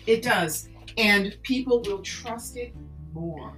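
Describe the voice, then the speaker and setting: A woman author and psychic tarot reader in an interview, telling stories in an animated, emphatic and persuasive way. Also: mid-range voice, takes it slowly, soft background music. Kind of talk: interview conversation.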